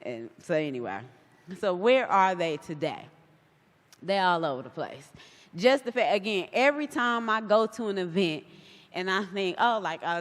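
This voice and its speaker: Woman guest speaker, casual and animated, lots of acted-out quotes, live in a large reverberant hall. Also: lowish voice, normal speed. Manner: chatty and animated, acts out quoted voices. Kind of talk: casual talk to a live audience.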